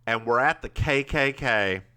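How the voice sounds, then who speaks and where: A man co-hosting a podcast, recapping a TV episode in a rambling, animated way. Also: mid-range voice, measured pace, smooth. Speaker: podcast co-host.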